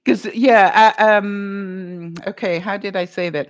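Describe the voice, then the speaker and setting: A woman's voice: medium pitch, fairly even intonation, slow. A middle-aged woman hosting a live stream, chatting casually with viewers in a rambling way, with frequent laughs and many fillers. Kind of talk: casual chat reading viewer comments.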